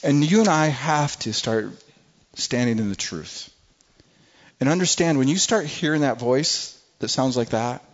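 A man's voice: mid-range voice, expressive, a little slow. A man preaching a sermon with emphasis, often repeating words as he restarts. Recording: muffled lo-fi recording.

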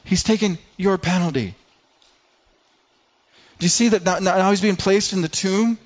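A male pastor from Michigan delivering an earnest, conversational sermon in a voice a little higher than most men's. He drops to soft murmurs and then rises to loud declarations. The recording sounds dull and lo-fi. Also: a little slow. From Michigan, USA.

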